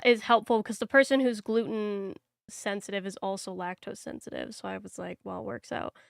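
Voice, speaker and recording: A woman's voice: mid-range voice, fairly bright tone, clear, resonant tone, no echo, clean studio sound. A woman co-hosting a podcast, chatting casually and telling loose stories with fillers. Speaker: podcast co-host. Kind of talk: casual chat.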